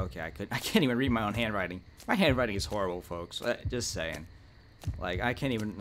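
Jumpy young man narrating a horror game. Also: medium pitch. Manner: jumpy, talks to the monster, nervous laughs and yelps. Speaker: gaming channel host. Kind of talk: horror game let's play commentary.

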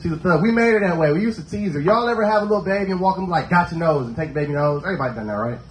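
A man doing a stand-up comedy set, telling stories in slangy, lively talk. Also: high-pitched, rapid-fire, a little hiss or hum. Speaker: stand-up comic. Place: comedy club stage. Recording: roomy club sound.

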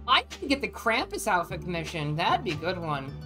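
A woman vtuber streaming a farming game, chatting casually in an animated, crude, joking way and often swearing. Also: on the low side, a little fast, music in the background. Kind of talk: casual gaming stream chat.

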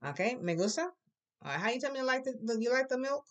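Classroom teacher, patient drill voice, models words loudly for repetition. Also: sits high, expressive, fast talker. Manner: patient, coaxing prompts. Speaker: Spanish teacher.

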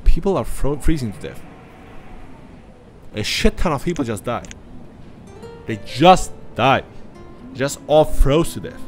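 A man's voice: fairly high pitch, expressive, unhurried, pauses often, faint music behind. A man whose first language is German, giving rambling, profane, self-mocking commentary while playing a game. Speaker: gaming commentator. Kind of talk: casual let's-play commentary.

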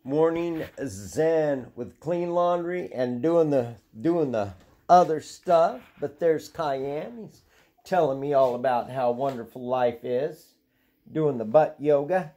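A man's voice: a little high, slow pace, dark tone. A man casually chatting through a morning at an animal sanctuary, rambling and folksy with chuckling asides. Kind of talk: casual morning vlog chat.

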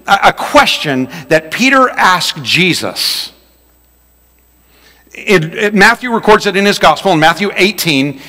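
A man's voice: high voice, pushed and bright. A man preaching a sermon as pastor, joking and folksy as he tells stories. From Louisiana. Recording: long reverb of a large hall.

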